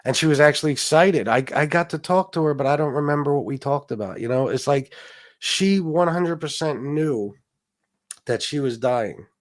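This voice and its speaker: A man's voice: a little high, moderate pace. A man hosting his own talk show, speaking casually and emotionally, rambling with restarts, asides and the odd swear word. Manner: profane. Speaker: political talk show host. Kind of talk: casual live-stream talk.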